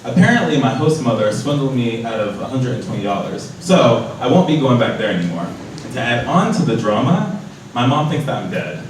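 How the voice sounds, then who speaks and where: A young man reads his diary entries aloud on stage, with a lively delivery and quick put-on voices for the people he quotes. He sits well back from the microphone, and the big hall rings around every word. Faint noise hangs underneath. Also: mid-range voice. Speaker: storyteller at a live event. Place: large echoey hall. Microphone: distant from the microphone. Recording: echoey hall from far off.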